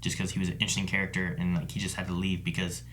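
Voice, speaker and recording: A man's voice: deep voice, flat delivery, rapid-fire, a bit bright, a little hiss or hum. A man co-hosting a reaction show, chatting casually and laughing often. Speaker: co-host reading viewer questions. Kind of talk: casual chat.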